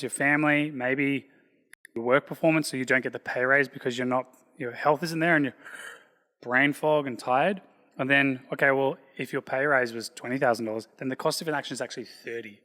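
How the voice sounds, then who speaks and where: A man, a personal trainer and gym founder, talking in a loud, energetic, casual podcast style. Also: on the high side. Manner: loud, energetic, self-described loud guy. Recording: long hall reverb.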